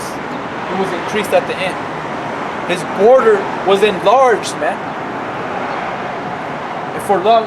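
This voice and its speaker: A man's voice: high-pitched, background noise. A man preaching a sermon outdoors as a street preacher, talking emphatically and repeating himself, often tacking on "man" and "right".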